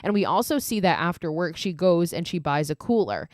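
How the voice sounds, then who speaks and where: Profane, animated woman recapping a horror film. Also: on the low side, a little fast, dry recording, clean studio sound. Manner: animated, profane, laughing storyteller. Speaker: podcast host. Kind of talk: casual horror movie recap.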